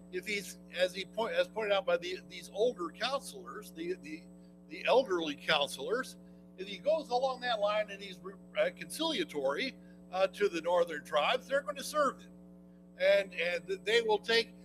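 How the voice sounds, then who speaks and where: A man teaching a church Bible class, talking in a halting way with many fillers and restarts. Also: sits high, poor audio.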